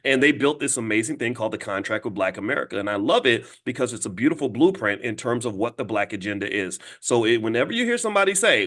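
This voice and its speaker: A man giving a fast political commentary monologue, speaking straight to his listeners with emphatic stops and restarts, his voice jumping up sharply to make a point. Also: expressive, fairly bright tone. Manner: emphatic, restarts words, pitch jumps high when making points; addresses listeners directly, asks them to respond. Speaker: commentator and host.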